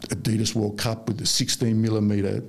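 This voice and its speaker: Gravelly man telling stories. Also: lowish voice, brisk. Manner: animated, laughing while telling anecdotes. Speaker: former soccer player, guest. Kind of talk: casual storytelling.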